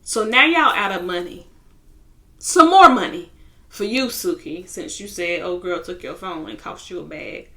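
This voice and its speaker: A young woman in a casual vlog, retelling a reality show episode with lively, slangy asides. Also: lowish voice, unhurried. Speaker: TV show reviewer.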